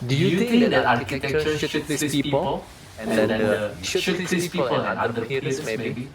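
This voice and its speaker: A man interviewing a guest, asking halting questions that he rephrases as he goes. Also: mid-range voice, expressive, distant mic. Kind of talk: conversational questions. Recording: echoey room with crowd.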